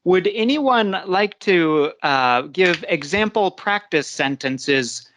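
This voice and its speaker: A woman's voice: on the low side, animated, slow pace, a little hiss or hum. An American woman teaching a live English pronunciation lesson, patiently explaining step by step and checking in with her listeners. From United States.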